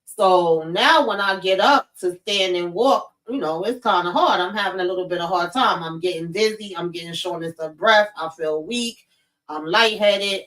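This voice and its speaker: A woman hosting a vlog, telling a personal story in a casual, expressive and profane way, talking straight to her viewers. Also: fairly low pitch, far from the mic, poor audio. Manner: expressive, profane, addresses viewers as child and y'all.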